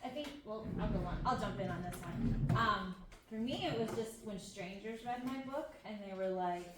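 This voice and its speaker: A woman's voice: medium pitch, moderate pace. A woman author with a Pennsylvania accent speaking casually and a little hesitantly on a library panel. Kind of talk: panel discussion. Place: library meeting room. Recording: echoey room from far off, noisy.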